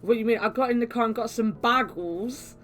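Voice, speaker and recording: A woman's voice: a little high, brisk, faint music behind. A woman from England streaming a video game, chatting casually and bantering in a teasing, playfully indignant way. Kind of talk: casual chat while playing a game.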